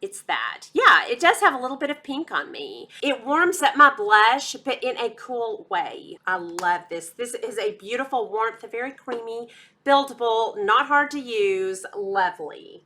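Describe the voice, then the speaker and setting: A woman with a Texas drawl chats through her makeup finds with easy enthusiasm. Her voice sits a bit high and rings bright, and she keeps calling her viewers y'all. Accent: Texan. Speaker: beauty vlogger. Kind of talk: casual product review.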